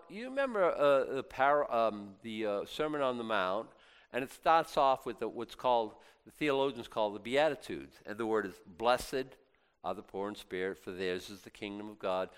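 A male pastor delivering a loose, conversational sermon full of jokes. He jumps from loud, animated bursts to quiet, hushed asides, and keeps stumbling into quick stammered restarts. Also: on the low side, clear, resonant tone. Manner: animated, joking, swings between loud and hushed.

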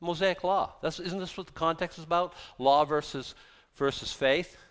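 A man preaching a sermon in an animated, mocking way, full of rhetorical questions. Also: on the high side, moderate pace, in a large hall. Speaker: pastor.

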